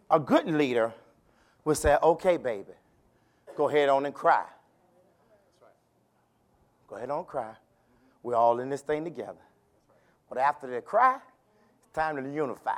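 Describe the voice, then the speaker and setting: A bishop preaching a sermon at a church service, calling out to the congregation and building to shouts, repeating phrases for emphasis. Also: male voice, high-pitched. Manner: repeats phrases, tells listeners to turn to neighbor.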